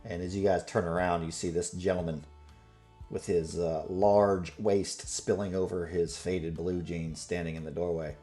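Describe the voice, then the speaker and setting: A man narrating a tabletop game as game master, relaxed and full of fillers. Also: deep voice, normal speed, soft background music.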